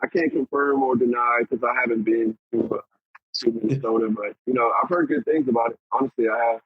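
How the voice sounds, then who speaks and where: Easygoing Texan man, podcast guest, slightly husky, heard over a thin remote call line. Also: mid-range voice, fairly even intonation, a little fast, no echo. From Texas. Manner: easygoing, rambling with fillers. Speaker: podcast guest, apparel brand owner. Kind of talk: casual chat. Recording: tinny phone-like remote line.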